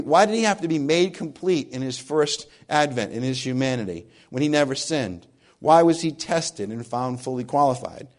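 A man with a New England accent preaching a sermon as pastor, his voice hoarse and froggy, earnest and building to emphatic questions. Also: mid-range voice. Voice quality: froggy, husky.

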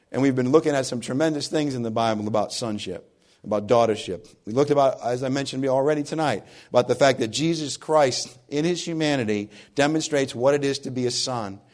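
Hoarse male pastor with a New England accent, froggy voice, earnest sermon delivery. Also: medium pitch. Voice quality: froggy, husky.

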